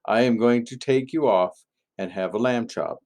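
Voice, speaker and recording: A man's voice: medium pitch, moderate pace, darkish tone, close to an everyday voice. A man voicing a sly, hungry wolf-cow villain in a children's story, gloating over a meal of lamb.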